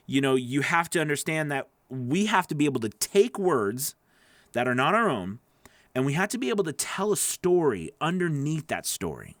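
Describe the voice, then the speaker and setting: A man teaching audiobook narration in a loose, animated way, acting out sample readings and often restarting his sentences. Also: medium pitch, dry recording. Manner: animated, demonstrates readings, many fillers and restarts. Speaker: voice-over coach. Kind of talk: teaching talk to camera.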